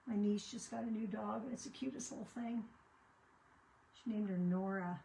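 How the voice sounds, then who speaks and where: A woman's voice: medium pitch, normal speed, creaky, mellow, a little hiss or hum, low-quality recording. Chatty older woman, rambling. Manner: rambling, chatty, trails off mid-sentence. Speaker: crafting channel host. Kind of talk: casual chat while crafting.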